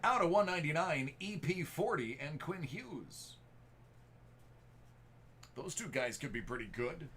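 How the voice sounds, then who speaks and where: A man's voice: on the high side, expressive, a little slow, long pauses, a bit bright, slight background noise. A middle-aged man hosting a live card-break stream, chatting casually and informally straight to his viewers.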